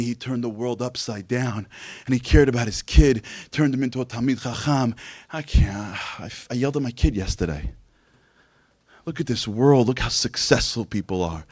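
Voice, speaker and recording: A man giving a religious motivational talk, telling stories in an animated way and acting out voices. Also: medium pitch, normal speed, no room sound. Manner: animated storytelling, acts out voices. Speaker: speaker.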